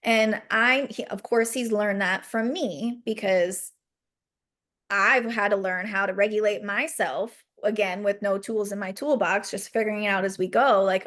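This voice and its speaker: A woman's voice: medium pitch, fairly even intonation, measured pace, fairly bright tone. A young adult woman as a podcast guest, talking candidly and earnestly about raising her son, with frequent fillers. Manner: earnest, open, rambling with fillers. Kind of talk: candid interview talk.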